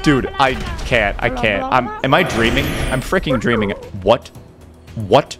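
A young man hosting a gaming video, panicking and exclaiming in excitable gameplay commentary with rapid repeats. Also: medium pitch, over music.

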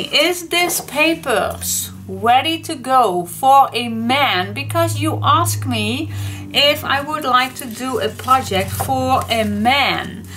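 Gushing Dutch-accented woman, slow bright voice. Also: a little high. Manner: gushing, excitable, repeats oh my gosh. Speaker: paper craft channel host. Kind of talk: casual crafting vlog.

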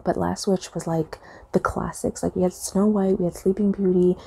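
Young woman, casual vlog chat, rambling, gravelly, dark mellow tone. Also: lowish voice, steady tone, normal speed. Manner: rambling, chatty, trails off with fillers. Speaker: reading vlogger.

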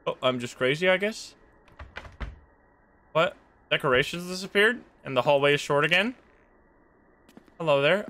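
A man streaming a horror game live, reacting jumpily with excitable, swearing commentary. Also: on the high side, moderate pace, long pauses, slight background noise.

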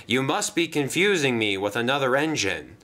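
A man's voice: medium pitch, big pitch swings, normal speed, bright, forceful tone. A man voicing a proud, dignified express engine with a lilting voice. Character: famous proud male express engine, grand.

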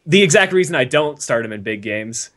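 A man, a podcast guest speaking in a measured way as he reads a viewer comment aloud. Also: on the high side, animated, a bit bright. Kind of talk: casual podcast chat.

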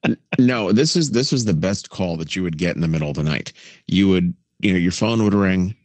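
A man, a former radio broadcaster, telling animated stories as a podcast co-host. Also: sits low, brisk, dry recording. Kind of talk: casual chat.

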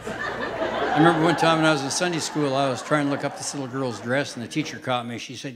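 A man performing a stand-up comedy routine on a stage, telling short jokes and dropping punchlines in a deadpan way. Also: medium pitch, fast talker, background noise. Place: theater stage with live audience. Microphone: stage microphone.

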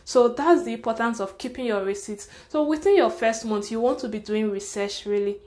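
A young woman from Nigeria with a Nigerian accent and a fairly high voice talks fast and frankly in a casual storytime vlog. She gives advice in a chatty way, sprinkling in the word "sha" and plenty of laughter. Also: a little mellow. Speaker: vlogger.

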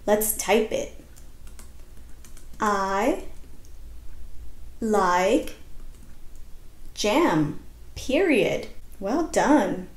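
A woman teaching a kindergarten virtual class and reading a picture book aloud. She talks slowly, draws out each word for young children and praises them often. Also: on the high side, darkish tone, roomy sound. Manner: slow, drawn-out words for young children, praising and encouraging.

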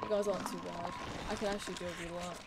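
A woman's voice: fairly low pitch, fairly even intonation, very fast. A woman streamer thinking aloud and swearing casually as she plays a game live, with game music behind her. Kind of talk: live gameplay commentary.

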